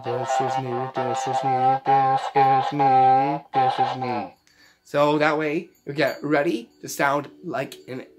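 A man hosting a casual magic tutorial, rambling along and often repeating phrases. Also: mid-range voice. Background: faint Christmas music.

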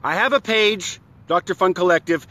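A man's voice: high-pitched, normal speed, sharp tone. A man hosting his own live broadcast, upbeat and a bit hyped, chatting casually and greeting viewers one by one by name. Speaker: live stream host. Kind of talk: casual live-stream chat.

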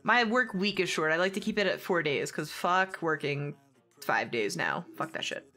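A woman's voice: on the low side, expressive, normal speed, pushed and bright, soft background music. A young adult woman chatting casually with her viewers on a game stream, swearing and laughing often as she answers chat. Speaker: gaming streamer.

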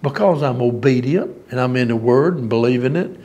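A man's voice: medium pitch, fairly quick, dark tone, lo-fi sound. A man preaching an informal sermon, folksy and emphatic, often laughing at his own lines.

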